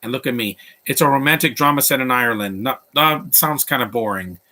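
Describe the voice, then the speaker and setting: Guy doing live movie commentary, blunt and opinionated, bright sharp voice, rambles. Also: medium pitch, a little fast. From Latino background.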